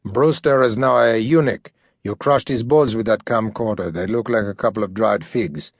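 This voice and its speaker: A man's voice: on the low side, moderate pace, no room sound, clean studio sound. A man voicing a smug, wisecracking blackmailer. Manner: brash, wisecracking and crude. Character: smug male blackmailing hustler, pushy.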